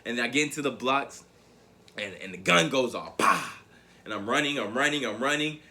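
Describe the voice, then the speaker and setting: A man's voice: mid-range voice, lively intonation, fairly quick, pushed and bright. A man in his thirties giving a motivational keynote, telling a story with emphatic repeats. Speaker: motivational speaker.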